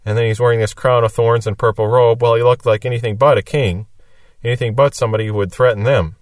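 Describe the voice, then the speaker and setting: A man teaches scripture in a steady, mid-pitched voice. He reads a verse and then explains it plainly. The sound is dry, and he stands a little back from the microphone. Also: fast talker, no echo, recorded from a distance. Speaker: Bible teacher.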